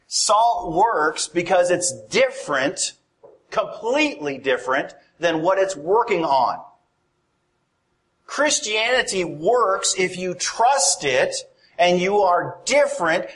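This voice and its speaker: Male preacher, slightly high voice, chatty sermon delivery with questions to the congregation. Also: a bit bright. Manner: conversational, asks the congregation questions.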